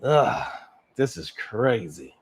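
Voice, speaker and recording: A man's voice: medium pitch, very animated, takes it slowly, breathy edge. A man hosting a live stream, giving blunt, slangy, opinionated commentary on a clip. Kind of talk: casual reaction commentary.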